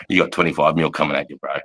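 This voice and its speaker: A man's voice: rumbling low, sharp tone, slightly rough. A man in his forties with an Australian accent, an army veteran telling war stories in a casual, rambling, heavily profane way and laughing often. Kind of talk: casual storytelling chat.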